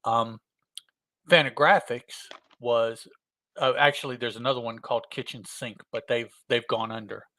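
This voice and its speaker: A man's voice: mid-range voice, steady tone, normal speed, pushed and bright, no echo. A man co-hosting a podcast in casual chat, rambling and hesitant as he talks. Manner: rambling, hesitant, many fillers and restarts. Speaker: podcast co-host.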